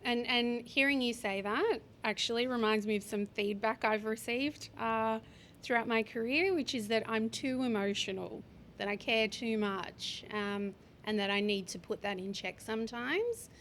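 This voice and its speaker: A woman in her forties, a podcast guest talking openly and with feeling in an interview, sometimes slowing down and swearing for emphasis. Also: fairly high pitch, fairly bright tone, a little hiss or hum. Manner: open, heartfelt, speaks slowly in places, occasional swearing. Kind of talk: candid interview conversation.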